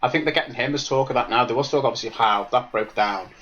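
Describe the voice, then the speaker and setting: Animated, jokey man on a podcast. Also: medium pitch, fast talker, muffled recording. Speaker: podcast co-host. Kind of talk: casual football chat.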